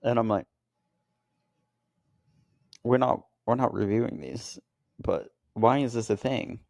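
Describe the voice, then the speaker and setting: A man's voice: mid-range voice, slow, gravelly, darkish tone, dry recording, studio quality. A man co-hosting a film podcast, rambling through his notes with lots of fillers and jokey asides. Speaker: podcast co-host reviewing films. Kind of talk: casual chat.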